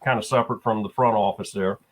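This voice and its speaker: A man's voice: lowish voice, steady tone, quick pace, rough recording. A man talking as a guest, telling a story at an easy pace with frequent fillers. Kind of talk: casual conversation.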